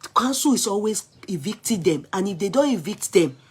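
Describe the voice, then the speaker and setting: A middle-aged woman with a Nigerian Yoruba accent, talking through casual commentary as a vlog host, animated and exclaiming as she switches between languages. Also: medium pitch, fairly quick, slightly rough. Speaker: vlog host taking calls.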